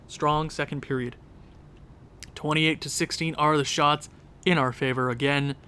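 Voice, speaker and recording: A young man casually commentating his hockey video game season, quick and excitable as he recaps scores. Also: fairly high pitch, clean tone. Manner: excitable, talks fast through game recaps. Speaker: gaming YouTuber.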